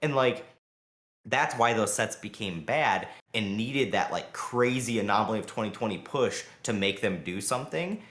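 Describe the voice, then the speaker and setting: A man co-hosting a podcast, talking fast and heatedly in a long rambling rant full of fillers. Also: lowish voice, expressive, a bit bright, echoey room. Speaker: podcast co-host. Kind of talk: casual podcast chat.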